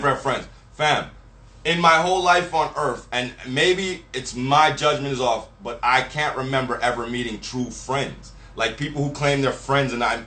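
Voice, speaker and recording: A man's voice: mid-range voice, bright, forceful tone. A man ranting to camera in a profane, emphatic, repetitive and preachy way. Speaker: vlogger. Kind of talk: profane casual rant. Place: Miami. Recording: echoey room.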